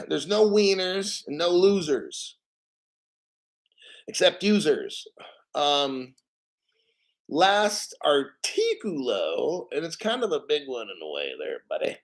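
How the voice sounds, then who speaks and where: A man's voice: fairly high pitch, sing-song. Brash profane crypto vlogger man. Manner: brash and profane, jokey asides; emphatic, repeats words slowly. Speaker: crypto channel host. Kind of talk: casual crypto vlog commentary.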